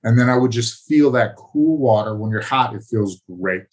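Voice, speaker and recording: A man's voice: mid-range voice, normal speed. A man talking casually as an interview guest, laid-back and self-mocking, rambling through his stories. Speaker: podcast guest, former fighter.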